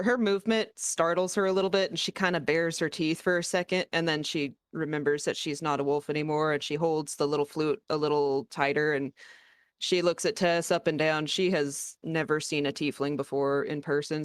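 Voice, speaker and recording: Player describing her character; casual and halting, smooth dry voice; she is a woman. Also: sits low, steady tone, dry recording. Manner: casual, hesitant, with frequent restarts.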